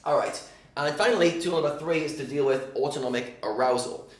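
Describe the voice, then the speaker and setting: A man's voice: on the high side, fairly quick, roomy sound. A man coaching poker players on mindset in a casual, direct teaching talk, checking in often with "all right?".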